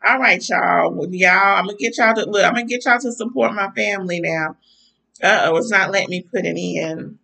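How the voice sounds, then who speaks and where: Bright-voiced chatty woman host, a bit stuffy. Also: mid-range voice, a little fast, creaky, rough recording. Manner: chatty, warm-spoken with frequent um and y'all. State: stuffy nose. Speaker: podcast host. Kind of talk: casual livestream chat.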